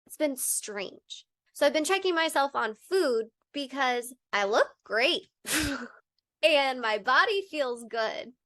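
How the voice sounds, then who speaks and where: A young woman with a bright, high voice co-hosts a podcast, speaking candidly about personal struggles. She tells her story openly, with animated asides. The sound is close and dry. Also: takes it slowly, no room sound. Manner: open, animated storytelling with laughs. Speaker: podcast co-host.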